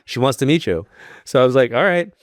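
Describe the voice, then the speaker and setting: A man's voice: mid-range voice, fast talker, no room sound, clean studio sound. A man from New York, a podcast guest, telling a long personal story in casual talk and acting out the voices of the people in it. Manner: animated storyteller acting out quoted dialogue. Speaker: podcast guest, psychic medium.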